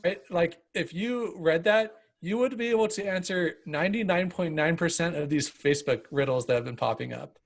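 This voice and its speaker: A man with a slightly high, gravelly voice, chatting loosely on a book podcast. He talks in a laid-back way, full of filler words. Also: normal speed, few pauses. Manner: loose and chatty, lots of "like" and "dude". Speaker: podcast co-host. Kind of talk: casual book discussion.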